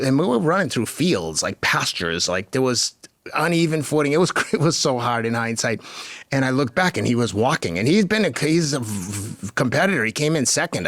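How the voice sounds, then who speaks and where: A man's voice: medium pitch, a bit bright, dry recording, studio quality. A man in his fifties with a Boston accent, telling stories as a guest in a casual, candid way, often laughing. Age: 50s. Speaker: guest, marathon runner. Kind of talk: casual storytelling.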